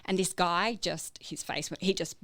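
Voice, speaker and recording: A woman telling her own story in a podcast interview, halting, with many fillers and restarts. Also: fairly low pitch, a bit bright, no room sound. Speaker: interview guest.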